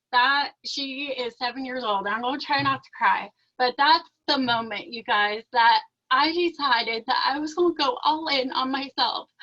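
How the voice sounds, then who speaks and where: A woman's voice: sits high, pushed and bright. A young woman giving an emotional personal testimony, nervous and shaky, with many fillers and restarts. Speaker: presenter sharing her business story. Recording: dull lo-fi audio.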